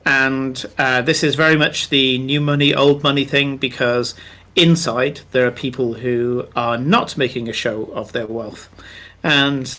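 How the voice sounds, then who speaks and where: A man's voice: medium pitch, fairly even intonation, sharp tone. A man narrating a tabletop game as game master, describing scenes at length with many ums and uhs. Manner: descriptive, unhurried, many fillers.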